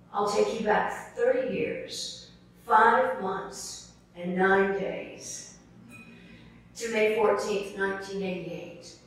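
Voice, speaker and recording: Speaking in a fairly low voice, a middle-aged woman from South Carolina earnestly tells stories while accepting an award and calls her listeners "folks" again and again. The sound is distant and reverberant in a large formal hall, with a little hiss or hum.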